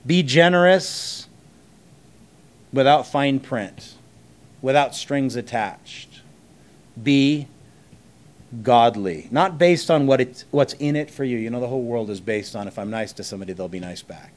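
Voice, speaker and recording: A man preaches a sermon as a pastor in a medium-pitched voice. His style is conversational, full of rhetorical questions and emphatic pauses between short phrases.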